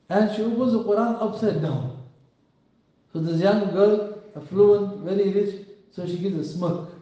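A man's voice: high-pitched, dark tone. A man giving an earnest sermon, telling a story and acting out the quotes. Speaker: preacher. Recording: distant, echoey, dull.

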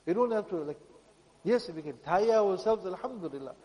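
A man preaching a pleading, emotional sermon that often drops to a soft voice. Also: sits high, animated, moderate pace, long reverb tail, low-quality recording. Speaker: Islamic preacher.

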